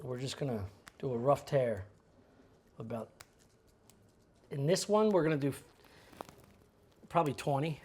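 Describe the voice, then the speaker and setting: A man's voice: mid-range voice, lively intonation, unhurried, pauses often, mellow, husky. A man hosting a cooking show, explaining each step in a casual, crude, joking way from a kitchen.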